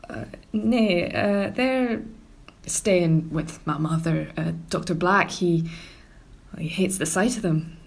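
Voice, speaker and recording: A woman's voice: fairly low pitch, slow pace, creaky, husky, full character voice. A woman voicing an elderly, fussy, doting Scottish lady in a comedy audio drama, with a Scottish accent. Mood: soothing. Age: older.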